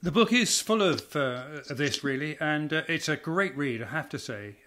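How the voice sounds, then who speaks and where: A man's voice: a little high, lively intonation, normal speed, pushed and bright, a little hiss or hum. A man hosting an interview at a book event, speaking hesitantly with many fillers. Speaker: festival event host.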